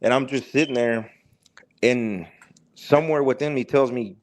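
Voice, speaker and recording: Rambling man telling a wild story. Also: mid-range voice. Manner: rambling, halting, swears freely. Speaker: guest. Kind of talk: casual storytelling.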